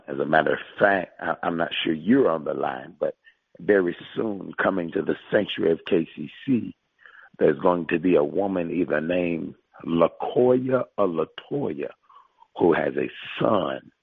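A man's voice: sits low, creaky, husky, no echo. A male pastor preaching and prophesying to listeners on a conference call, emphatic and repetitive, drawing out key phrases. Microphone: phone line. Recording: tinny phone line.

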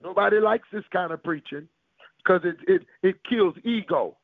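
Over a tinny, dry phone line, a man with a high, creaky voice preaches at a normal speed to listeners on a conference call. He drives his points home through rhythmic repetition and rhetorical questions.

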